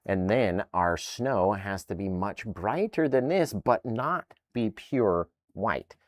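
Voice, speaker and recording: A man teaching a live painting tutorial in an upbeat, animated way, often tagging his lines with "right?". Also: on the low side, slow pace, no room sound, studio quality. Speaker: painting instructor.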